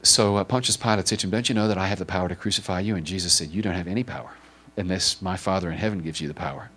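His voice is somewhat low yet pushed and bright, with a slight roughness, as he preaches casually and retells a story. He stumbles, starts over, and chains clauses with "and" again and again, speaking earnestly and with emotion.

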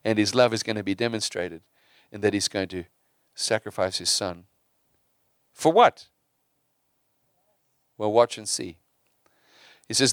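A man's voice: fairly low pitch, unhurried, long pauses, no echo, clean studio sound. Resonant-voiced man preaching a sermon. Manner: repeats and restarts words, swings from hushed to emphatic.

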